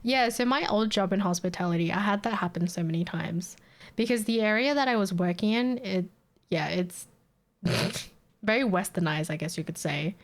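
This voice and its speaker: A young Australian woman with an Australian accent chats casually with her stream viewers at a moderate pace and medium pitch, blunt, sweary and laughing often.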